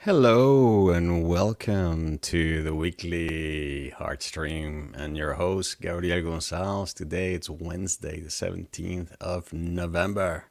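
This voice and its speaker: A man hosting a live spiritual webcast, talking in a gentle, unhurried way and greeting viewers by name. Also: sits low, vocal fry, no echo, clean studio sound. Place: indoor room at home with a heater.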